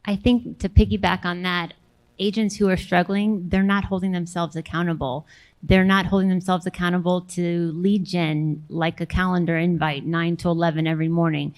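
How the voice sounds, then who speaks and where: A woman's voice: fairly low pitch, little pitch movement, normal speed, a little mellow. A woman panelist speaking in a firm, direct way. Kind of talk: panel discussion advice.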